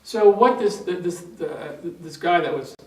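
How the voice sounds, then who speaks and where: A man's voice: sits high, normal speed, darkish tone. A man working as a trainer, telling an anecdote in a seminar in a rambling way, full of fillers and restarts. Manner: rambling, many fillers and restarts, chuckling storyteller. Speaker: NLP trainer. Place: training room. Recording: roomy hall, distant mic, faint noise.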